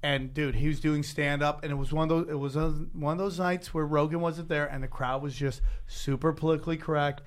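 A man co-hosting a loose, profane podcast chat. His voice sits on the higher side, and he tells stories crudely, acting out what other people said. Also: fairly even intonation, brisk, few pauses, slight background noise. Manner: crude, storytelling, acts out quotes. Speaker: podcast co-host. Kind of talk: casual chat.

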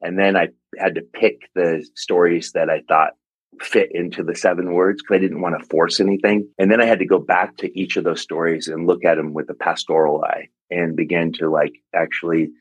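A man in his forties, a pastor and author, telling a personal story in an interview, earnest and reflective with halting restarts. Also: low-pitched, flat delivery, breathy edge, no room sound, low-quality recording. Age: 40s.

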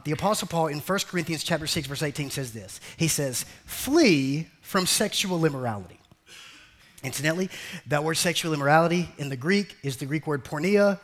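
A male pastor preaching a sermon, animated, often acting out a complaining believer and calling the congregation family. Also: a little high. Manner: addresses congregation as family and beloved.

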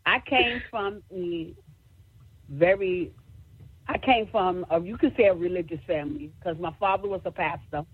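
A woman speaking softly and with some hesitation as a guest in a radio interview, heard over a phone line. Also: on the low side, normal speed, slightly rough, no echo. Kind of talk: casual interview talk.

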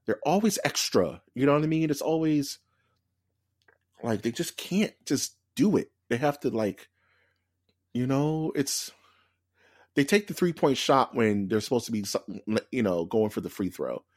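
A man's voice: mid-range voice, animated, normal speed, no room sound, clean studio sound. A man co-hosting a podcast, chatting casually and ranting with strong opinions, full of fillers and restarts. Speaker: podcast co-host. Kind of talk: casual chat.

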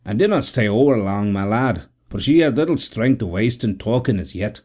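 A man voicing a rough, good-natured doctor in a storybook reading. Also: lowish voice, expressive, moderate pace, darkish tone. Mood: gruff kindly. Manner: rough and kindly. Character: gruff good-natured Scottish town doctor.

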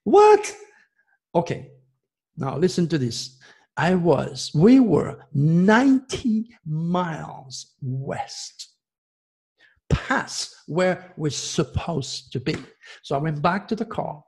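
A man telling a personal story in a rambling, excitable way, with many restarts. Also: a little high, slow pace, breathy edge. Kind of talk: casual storytelling.

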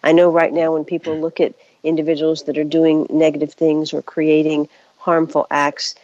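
A woman hosting an interview in a measured, reflective tone. Her voice is very low for a woman. The sound is dry and a bit dull. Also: monotone, a little mellow, dry recording. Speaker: interview host. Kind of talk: podcast interview.

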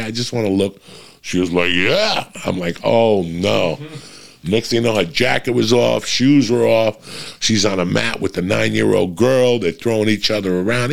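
A middle-aged man telling a long, casual, profane story about his kid. He gets louder and higher when he is worked up. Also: creaky.

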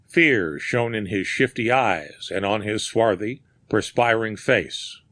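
Male audiobook narrator, slow and deliberate, bright tone, dry sound. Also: fairly low pitch, dry recording. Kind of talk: scripted narration.

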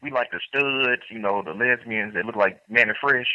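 A man's voice: lowish voice, normal speed, pushed and bright. A man calling in to a talk show, telling a rambling story with restarts and bursts of laughter. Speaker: caller. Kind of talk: call-in storytelling. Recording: dull lo-fi phone line.

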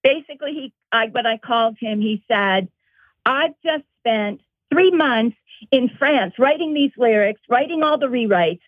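A woman's voice: a little high, measured pace, dry recording. Woman on a tinny phone line. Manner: animated, laughing, acts out quotes. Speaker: guest, former colleague. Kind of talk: casual storytelling.

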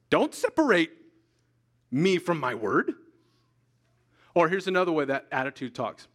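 A man preaching a sermon as pastor, emphatic, repeating key lines slowly for weight. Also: a little high, very animated, a bit bright. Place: church sanctuary.

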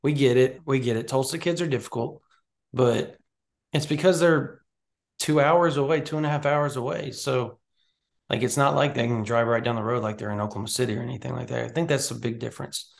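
A man's voice: mid-range voice, steady tone, brisk, vocal fry. A man co-hosting a recruiting podcast, chatting casually and animatedly, often restarting his sentences. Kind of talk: casual sports chat.

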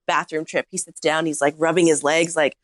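A woman, a podcast guest, telling a comic story in a casual, animated way with lots of "like.". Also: low-pitched, fairly quick, dry recording, clean studio sound. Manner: animated anecdote-teller, heavy use of "like".

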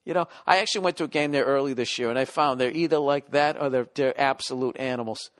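A man's voice: medium pitch, quick pace, fairly bright tone. A middle-aged man ranting casually and profanely as a podcast host, sounding exasperated.

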